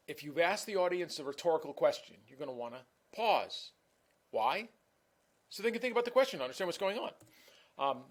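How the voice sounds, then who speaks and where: A man giving a recorded online class lecture in a conversational way, often repeating words and restarting phrases. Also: fairly high pitch. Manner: self-admittedly talks fast.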